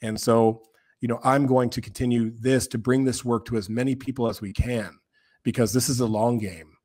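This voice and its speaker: A man as a podcast guest, talking earnestly and with passion, slowing down to repeat his key points with emphasis. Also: medium pitch, fairly even intonation, darkish tone, dry recording, clean studio sound. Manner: impassioned, preacher-like, with emphatic slow repeats. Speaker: podcast guest, men's group co-founder.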